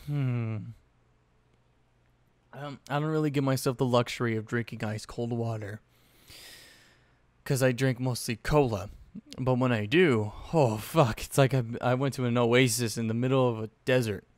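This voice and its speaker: A young man reads a fan story aloud in a casual, offhand way, breaking off for sweary asides. His voice is mid-pitched and even. The recording is close and dry. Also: normal speed, long pauses, no echo. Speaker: fanfiction narrator.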